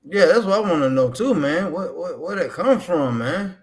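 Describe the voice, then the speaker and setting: A man's voice: a little high, lively intonation, normal speed. A man from the States, co-hosting a wrestling talk stream in casual chat, drawling, repeating himself and laughing easily. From Southern United States. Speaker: podcast co-host. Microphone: live stream.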